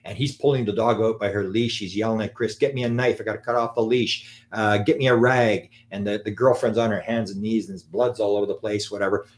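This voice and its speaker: A man telling an anecdote in a live talk, animated and acting out the quotes. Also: on the low side, fairly quick, few pauses. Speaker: lecturer on UFOs.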